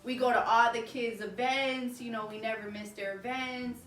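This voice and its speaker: A woman in her thirties with a higher voice tells a story animatedly at home, often laughing as she goes. She is picked up from a distance in a roomy space with faint ambience behind her. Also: fairly even intonation, moderate pace, a bit bright, a little hiss or hum. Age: 30s. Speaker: vlog host. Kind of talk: casual storytelling.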